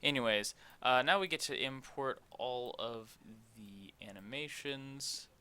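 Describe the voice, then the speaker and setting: A young man talks through a screen-recorded game tutorial, slowly and with plenty of fillers as he thinks aloud. His voice is bright and very clear, and he keeps a loose, unhurried pace. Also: mid-range voice. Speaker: game dev tutorial host.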